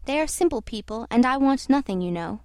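Woman reader doing a nervous young seaman, earnest, fairly high, dry recording. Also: lively intonation, brisk, a little mellow, no room sound. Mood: earnest anxious. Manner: earnest, anxious.

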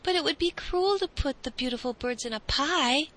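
A woman's voice: on the high side, lively intonation, moderate pace, sharp tone, voice pushed up, poor audio. A woman voicing an earnest, determined young boy in a storybook reading. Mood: insistent. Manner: bold, pleading.

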